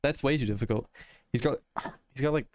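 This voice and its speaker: A man's voice: mid-range voice, a little fast, slight background noise. A young man with an Australian accent, chatting casually and swearing while playing a game, with game music behind. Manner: sweary, laughing, rambling. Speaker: gaming YouTuber. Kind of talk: casual gaming commentary.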